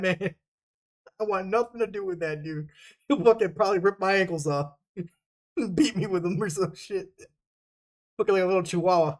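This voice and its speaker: This vlogger, a young man, recounts his basic training days in a loose, profanity-heavy ramble punctuated by frequent laughter. He sits high in pitch, keeps a moderate pace, and pauses often.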